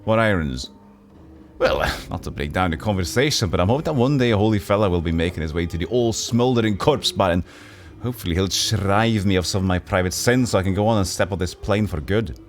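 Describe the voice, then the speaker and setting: A man's voice: low voice, brisk, a little hiss or hum. Man doing a folksy old Scottish ex-guard. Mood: wistful. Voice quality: folksy, drawling with old-timey phrasing. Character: friendly old retired male city guard, chatty guide.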